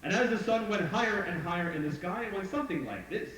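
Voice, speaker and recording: A man's voice: sits high, quick pace. A man telling a story to a live audience, leading them in call-and-response chants. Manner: lively, leads the crowd in chants and sound cues. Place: outdoor park stage. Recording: echoey live outdoor recording from far off, crowd and noise.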